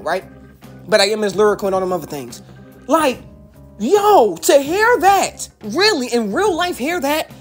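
A pumped-up woman from Baltimore rants straight to camera, her pitch sitting a little high and swinging widely. She curses freely and hammers the same phrases over and over for emphasis. Faint music plays underneath. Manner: animated, profane, repeats phrases for emphasis. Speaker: YouTube commentator and rapper. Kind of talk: hyped reaction rant to camera.

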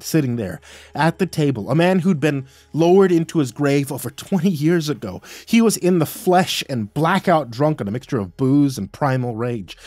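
A man reading a first-person horror story aloud, dramatic and swinging between hushed and loud. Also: medium pitch, no room sound.

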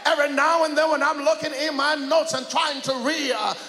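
A man preaching a sermon to a church congregation, calling for responses and often breaking into shouted, chanted lines. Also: very high voice, steady tone, a little fast. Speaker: pastor. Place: large church sanctuary. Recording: echoey church hall.

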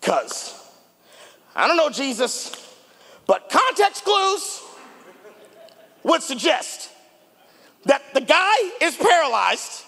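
A male pastor preaching a sermon, chatty with the congregation and rising into shouted appeals. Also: extremely high pitch. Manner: animated preaching, building to shouts, banters with congregation. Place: church sanctuary. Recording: long reverb of a large church hall.

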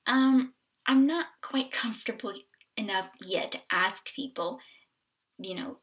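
A woman's voice: mid-range voice, unhurried. A woman chatting casually in a vlog, telling stories with lots of fillers while filming at home and on a walk. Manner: chatty, animated storytelling with fillers. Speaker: vlogger on an exchange stay. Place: home indoors and walking outdoors. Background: wind noise outdoors.

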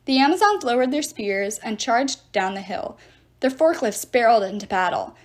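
A woman reading a novel chapter aloud with expressive storytelling. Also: fairly high pitch, normal speed. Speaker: reader.

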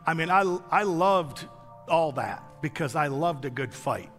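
A man in his sixties, a guest pastor preaching a sermon with a personal testimony, telling his story in an animated way with self-deprecating humor. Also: on the high side, unhurried, long reverb tail, soft background music. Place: church sanctuary.

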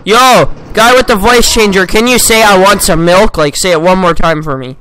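A man chatting casually with online players during a game, excitable and laughing a lot, shouting at the other players. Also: high voice, moderate pace, smooth. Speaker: gamer recording his match. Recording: noisy game capture with background noise.

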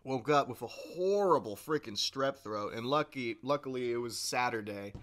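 A young man co-hosting a podcast, telling stories in casual chat, animated and laughing often as he acts out the people in them. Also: mid-range voice, normal speed. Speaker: podcast co-host.

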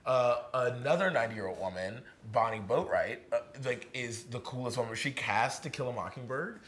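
A young man from Virginia, a playwright talking as a guest in a casual onstage conversation in a barn. He is animated, says "like" a lot, and acts out the voices of people he quotes. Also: mid-range voice, moderate pace. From Virginia, USA. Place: historic barn, live event.

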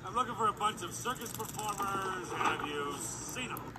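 P.T. Flea, a boastful bug ringmaster. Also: male voice, sits high, animated, normal speed, heavy background noise. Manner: showman patter, chuckling. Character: fast-talking greedy bug circus boss. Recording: distant film clip under loud music.

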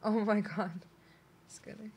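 A woman's voice: mid-range voice, little pitch movement, slow pace, creaky, a little mellow, husky. A young woman streaming a video game at home, chatting playfully with her pet and her viewers and joking with mock aggression. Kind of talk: casual gameplay commentary.

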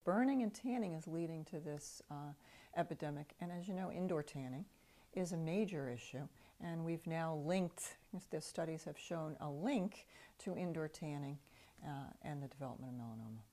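A middle-aged woman speaks as an expert in an interview. She pauses with fillers and corrects herself. Her voice is very low and dark. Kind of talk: interview answer.

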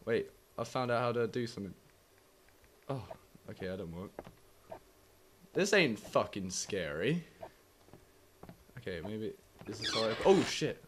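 Sweary, jumpy young gamer. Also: male voice, on the low side, slight background noise. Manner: sweary, jumpy, wisecracking reactions. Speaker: gaming YouTuber. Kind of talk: let's play commentary. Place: home flat.

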